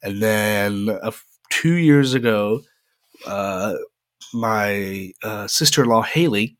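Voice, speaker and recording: A man's voice: fairly low pitch, slow, fairly bright tone, dry recording, studio quality. A young man hosting a podcast, telling rambling personal stories in a chatty way with lots of "uh" fillers. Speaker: podcast host. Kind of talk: casual solo storytelling.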